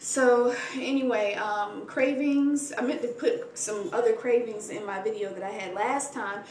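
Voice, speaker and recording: A woman's voice: on the high side, steady tone, measured pace, a little mellow. A young woman chatting candidly to her camera at home in a pregnancy update vlog. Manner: chatty and candid, grateful, emotional at times. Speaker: vlogger. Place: room at home. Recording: roomy, distant home camera recording with faint ambience.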